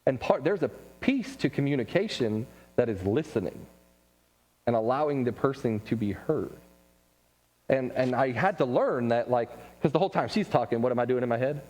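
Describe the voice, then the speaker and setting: Animated man teaching in a church room. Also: medium pitch. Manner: animated storytelling, quick asides and laughs. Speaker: Bible class teacher. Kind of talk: casual church class talk. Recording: long hall reverb.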